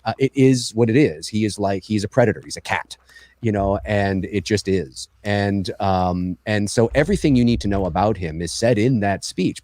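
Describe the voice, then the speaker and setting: A man co-hosting a podcast in casual chat, animated and teasing, laughing often. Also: lowish voice, no room sound.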